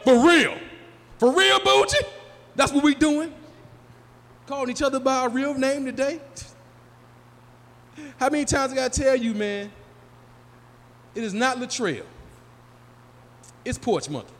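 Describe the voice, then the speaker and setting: A man voicing an indignant adult male friend who is touchy about his nickname, scolding in a high, exasperated way during a live stand-up set. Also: expressive, measured pace, long pauses, fairly bright tone, full character voice. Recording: live room with long reverb, faint noise.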